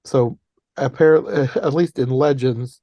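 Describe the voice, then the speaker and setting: Mellow-voiced man chatting on a podcast. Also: mid-range voice, a little slow, no echo. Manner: animated, laughs often, retells plot details. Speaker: podcast host. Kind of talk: casual movie podcast chat.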